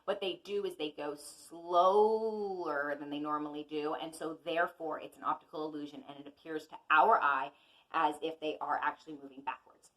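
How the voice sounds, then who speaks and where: Woman, intuitive healer and astrology teacher; chatty, casual, direct to viewers; voice sits a little low. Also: fairly even intonation, moderate pace, a bit bright, rough recording.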